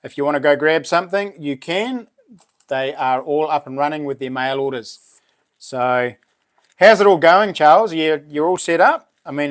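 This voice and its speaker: A man hosting a casual livestream chat, laughing often and reacting excitedly to viewers. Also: a little high. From New Zealand. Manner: chatty, laughs often, exclaims. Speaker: livestream host.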